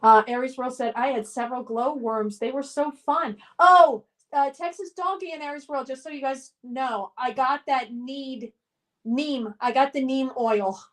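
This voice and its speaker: High-voiced woman streamer reading chat. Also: measured pace. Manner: reads viewer comments aloud and chats back; nostalgic and upbeat, with frequent fillers. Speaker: live streamer. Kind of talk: casual live-stream chat.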